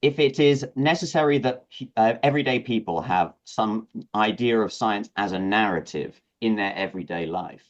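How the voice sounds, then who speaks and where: Halting, low-voiced male interviewer. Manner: halting, searching for words with many restarts. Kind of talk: hesitant conversational interview. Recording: dull lo-fi audio.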